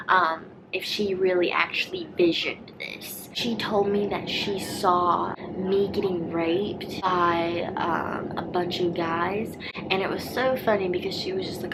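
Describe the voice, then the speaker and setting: A young woman vlogger tells a storytime in a loose, rambling way, full of fillers. She often drops into whispered asides. Her voice sits at a middling pitch, with noticeable background noise behind her. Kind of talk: casual storytime vlog.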